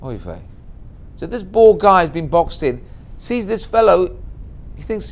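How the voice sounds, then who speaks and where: Animated, gravelly-voiced rabbi teaching. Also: male voice, high voice, unhurried, pauses often. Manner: animated storytelling with Hebrew and Yiddish words. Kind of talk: Torah lesson with storytelling.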